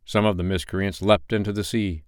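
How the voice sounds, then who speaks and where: A man reading a classic novel aloud as a bedtime story, in an expressive, lively way. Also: fairly low pitch, normal speed, no room sound, clean studio sound. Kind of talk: audiobook narration.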